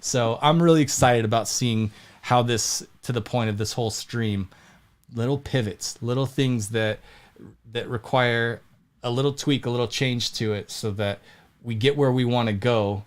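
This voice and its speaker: A man's voice: medium pitch, normal speed. A man chatting casually as a podcast host, rambling as he thinks aloud.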